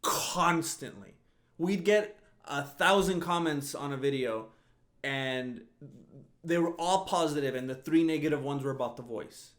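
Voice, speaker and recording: A man's voice: on the high side, measured pace, a bit bright. A man hosting a casual solo podcast, rambling and often laughing as he restarts his sentences. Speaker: podcast host.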